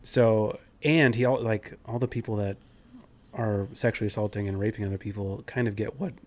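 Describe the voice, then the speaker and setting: Man, podcast co-host, relaxed filler-heavy chat, lowish voice. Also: brisk. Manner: casual, many fillers like "like" and "you know". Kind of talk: casual book discussion.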